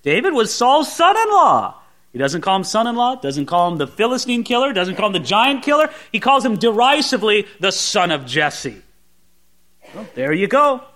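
A man's voice: sits high, very animated, moderate pace, pushed and bright. A man preaching a Bible sermon as a pastor, often putting rhetorical questions to his listeners.

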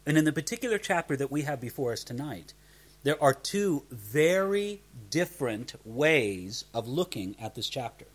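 A man's voice: medium pitch, very animated, moderate pace, breathy edge. A man teaching a Bible passage verse by verse, earnest, often repeating words as he starts a sentence.

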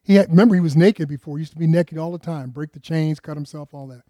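A man's voice: fairly high pitch, fast, mellow, no room sound, clean studio sound. A man preaching a conversational sermon in a folksy way, often putting questions to his listeners.

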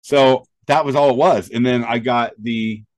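This man speaks at normal speed in a mid-range voice, and the recording has no echo. As an interview guest who does stand-up and hosts a show, he shares animated anecdotes, quoting dialogue often and filling gaps with "um."

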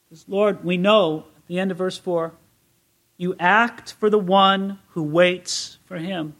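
High-voiced man preaching a Bible teaching. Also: steady tone, a little slow, a bit bright. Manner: reads scripture aloud with rising intensity, asks listeners direct questions. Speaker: pastor.

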